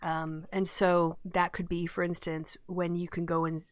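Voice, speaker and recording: A woman playing a tabletop game, talking quickly and pushing the group to plan their move. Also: fairly low pitch, flat delivery, dry recording. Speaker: player. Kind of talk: casual tabletop game planning.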